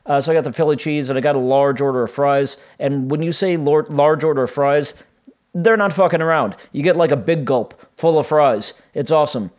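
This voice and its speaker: Solo podcast host, forties, man, raspy from laryngitis, slightly high voice, chatty and meandering. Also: a little fast, a little mellow. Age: 40s. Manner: rambling, self-deprecating, lots of fillers and restarts. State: voice a little raspy and weak after laryngitis. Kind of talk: casual solo podcast chat. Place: home.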